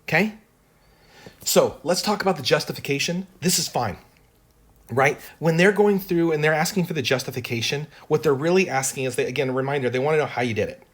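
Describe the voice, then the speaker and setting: A man teaching an exam-prep calculus lesson, thinking aloud as he works through the problem and often checking in with "right?". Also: mid-range voice. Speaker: math teacher.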